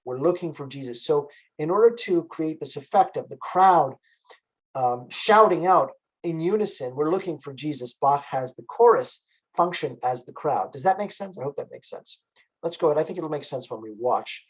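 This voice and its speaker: A man's voice: a little high, lively intonation, normal speed, poor audio. Male music lecturer, explanatory, checks in with his audience. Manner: explanatory, asks the audience questions. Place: library event.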